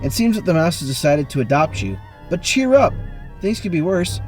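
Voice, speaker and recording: A man hosting an online game, reading a choose-your-own-adventure book aloud with animated bursts of speed and sudden pitch jumps. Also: quick pace, soft background music. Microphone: online voice call.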